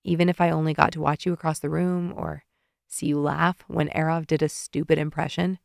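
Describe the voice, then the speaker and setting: A woman voicing a soft-spoken earnest young man. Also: flat delivery, fairly quick, vocal fry, no room sound, clean studio sound. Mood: tender. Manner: soft, low-key and hushed.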